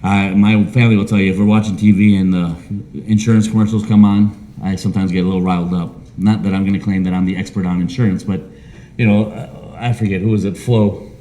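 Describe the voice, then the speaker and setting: A man's voice: sits low, fast talker. A man preaching a sermon as pastor of a small church, with a Midwestern American accent, who acts out imagined conversations. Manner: animated, acts out imagined dialogue.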